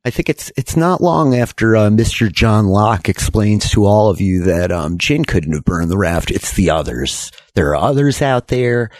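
A man narrating as game master of a tabletop role-playing game, telling the story in a relaxed way full of fillers. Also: on the low side, moderate pace, hardly any pauses, dry recording, studio quality.

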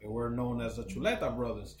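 A man co-hosting a casual podcast, telling animated stories with lots of swearing and acting out the people he quotes. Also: medium pitch, fairly quick. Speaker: podcast co-host. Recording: echoey room with background noise.

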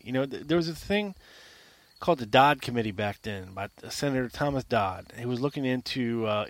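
A man hosting a solo podcast, pressing his point with emphatic repetition and rhetorical questions in a mid-pitched voice. The recording is dry and close, with no room echo. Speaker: podcast host. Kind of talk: argumentative solo monologue.

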